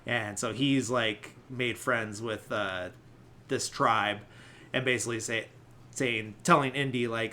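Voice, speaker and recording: A man's voice: medium pitch, fairly even intonation, slow, sharp tone, a little hiss or hum. A man hosting a podcast, casually retelling a movie plot with lots of fillers. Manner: rambling, many filler likes. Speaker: podcast host. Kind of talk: casual film recap.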